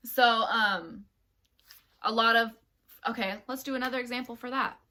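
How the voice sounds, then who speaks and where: Woman co-host, bright sharp tone, animated casual chatter with lots of fillers. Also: on the high side, normal speed. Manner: animated, laughs often, many fillers. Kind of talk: casual podcast chat.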